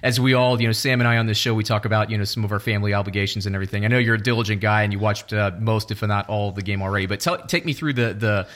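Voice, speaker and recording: A man hosting a casual podcast, talking in a relaxed, rambling way with many fillers. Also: on the low side, very fast, hardly any pauses. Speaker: podcast host.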